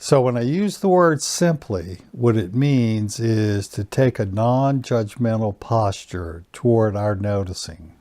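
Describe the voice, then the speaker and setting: A man teaching a personal growth lesson, giving slow, calm guiding instructions and leading breathing exercises. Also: lowish voice, dry recording.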